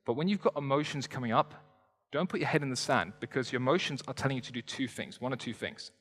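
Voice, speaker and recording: Fast-talking young man in an echoing hall. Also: medium pitch, slightly rough. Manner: energetic, conversational, with joking asides to the audience. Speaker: motivational speaker. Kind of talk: motivational stage talk. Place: stage before a live audience in a large hall. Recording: long hall reverb.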